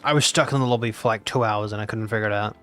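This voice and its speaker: A man's voice: lowish voice, fairly even intonation, rapid-fire, a bit bright, soft background music. A nineteen-year-old man, chatting casually and playfully on a live gaming stream, teasing his chat and repeating phrases in mock outrage. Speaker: VTuber streamer.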